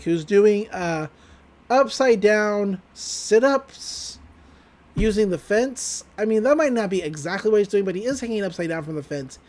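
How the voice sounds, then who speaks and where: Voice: mid-range voice, darkish tone. A podcast host recapping a cartoon episode in a casual, rambling, amused way.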